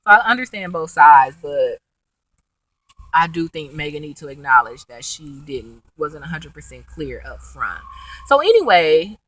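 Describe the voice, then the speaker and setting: A young woman casually recapping a reality show episode, animated and gossipy, with quick asides. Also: mid-range voice, low-quality recording. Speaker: vlogger reviewing a reality show.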